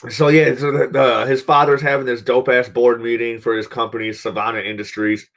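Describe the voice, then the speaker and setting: A podcast host chatting casually about a movie, rambling excitedly and swearing a lot. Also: male voice, medium pitch, a little fast. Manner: excited, profane, rambling recap.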